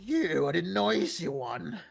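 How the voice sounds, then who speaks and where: A man's voice: sits high, big pitch swings, slow pace, vocal fry, voice pushed up, full character voice. A man putting on a very drunk, whiny halfling.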